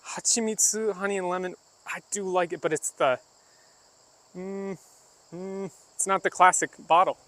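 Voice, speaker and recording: A man talking casually to a livestream audience as he walks a rural path near the woods. His voice sits a little high and his delivery is loose and conversational. Crickets and insects chirp around him. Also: steady tone, normal speed, pauses often, a bit bright. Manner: chatty, loose and conversational, demonstrating Japanese phrases. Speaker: vlogger livestreaming while walking. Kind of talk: casual livestream chat while walking, answering chat.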